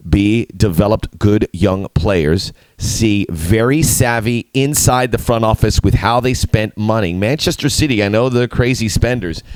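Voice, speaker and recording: A middle-aged man hosting a soccer preview show, talking in an animated, playful way with sudden emphatic jumps. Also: medium pitch, no echo. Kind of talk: solo video commentary.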